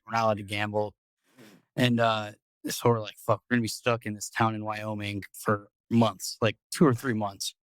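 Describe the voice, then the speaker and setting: A man's voice: fairly low pitch, dry recording. A man hosting a podcast, telling a long story in a casual, rambling way, swearing and repeating himself. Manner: rambling, profane, repeats words. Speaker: podcast host.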